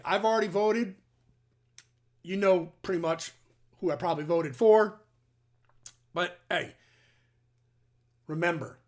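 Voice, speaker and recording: A middle-aged military veteran from the New York or New Jersey area, hosting his own channel with blunt, emphatic opinion talk aimed straight at his viewers. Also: medium pitch. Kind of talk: opinionated commentary to camera.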